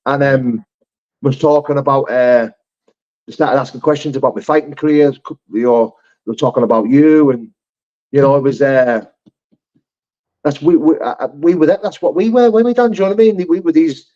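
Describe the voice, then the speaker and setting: A man's voice: mid-range voice, normal speed, mellow, muffled recording. A man hosting a live chat, talking in a heartfelt, sweary, rambling way with many restarts. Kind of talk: casual live-stream chat.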